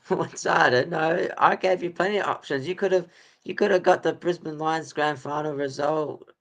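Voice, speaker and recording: A man's voice: fairly high pitch, normal speed, a bit bright. Rambling man hosting a quiz. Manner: rambling, lots of ums and laughs. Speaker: podcast host running a quiz. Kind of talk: casual chat.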